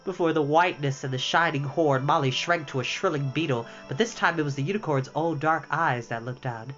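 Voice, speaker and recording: A reader in their thirties reading a novel aloud in a lively, expressive way. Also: mid-range voice, fairly quick. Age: 30s. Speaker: storytime reader. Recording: dull lo-fi with faint music.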